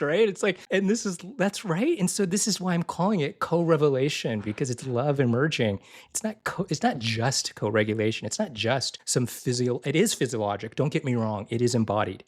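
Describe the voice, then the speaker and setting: An earnest man speaks in a conversational podcast interview, often repeating himself and restarting phrases. His pitch sits in the middle of the male range. When he quotes gentle, loving words, his voice rises higher and softer. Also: a little fast, few pauses. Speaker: guest, physician and IFS therapist.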